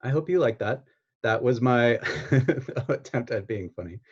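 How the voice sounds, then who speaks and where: A man, a children's author, reading his story and talking playfully with halting asides. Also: medium pitch, lively intonation, darkish tone, slightly rough, dull audio. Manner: playful, self-deprecating, halting. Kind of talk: reading own story and talking on an online event.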